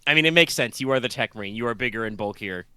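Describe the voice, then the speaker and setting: A man's voice: medium pitch, lively intonation, racing, crowd noise. A man narrating a tabletop game as game master, talking loosely with many fillers and restarts.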